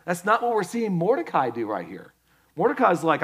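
Casting: male pastor, slightly high voice, lively conversational sermon delivery. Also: quick pace, breathy edge. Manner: conversational and animated, jumps to high, loud quoted voices.

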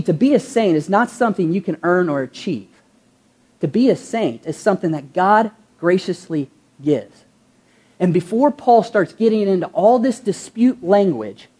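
A woman pastor, her medium-pitched voice dark, mellow, and a bit husky, gives a lively sermon brimming with rhetorical questions and slowed, emphasized words. Whenever she quotes someone, she drops into an ordinary, everyday voice.

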